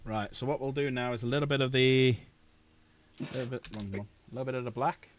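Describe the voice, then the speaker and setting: A man talks casually while he paints models on a stream. He jokes with his viewers and swears freely, in a relaxed, rambling way. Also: mid-range voice, brisk, a little hiss or hum. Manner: joking, swearing, chatting with viewers. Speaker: host painting miniatures on a live stream.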